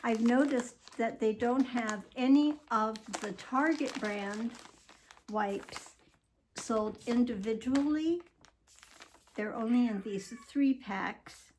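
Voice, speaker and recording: Slow and cheerful, an older woman rambles to viewers as she displays her grocery haul in a casual vlog. Her voice is on the high side, and there's a slight hiss or hum.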